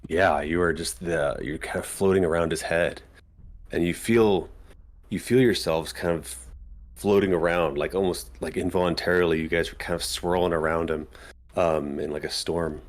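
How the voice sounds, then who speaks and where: A man's voice: low-pitched, steady tone, moderate pace. A man narrating a tabletop horror game as game master, hesitant with many fillers and frequent laughs. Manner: hesitant, full of ums and likes, laughs often.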